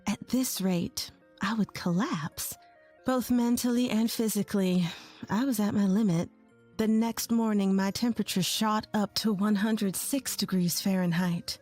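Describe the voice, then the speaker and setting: A woman narrating a first-person story in a plain, measured scripted way. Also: medium pitch, darkish tone. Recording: faint music bed under the voice.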